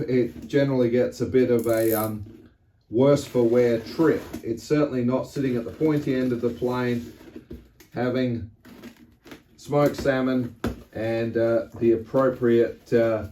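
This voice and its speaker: A man's voice: mid-range voice, a little mellow, a little hiss or hum. A man hosting a model railway unboxing vlog, chatty and enthusiastic, with theatrical exclamations. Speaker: model railway channel host.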